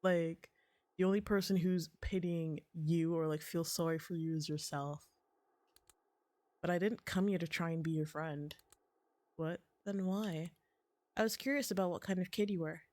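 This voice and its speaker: A woman reading the lines of a blunt, nosy kid aloud from a game, in a flat voice. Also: lowish voice, moderate pace, lightly acted.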